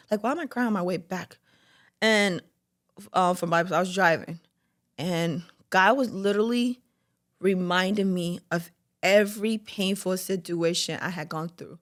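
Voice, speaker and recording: Young female podcast host, frank faith testimony, gravelly edge, casual filler-heavy delivery. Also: mid-range voice. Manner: candid, lots of "like" fillers, animated quoting.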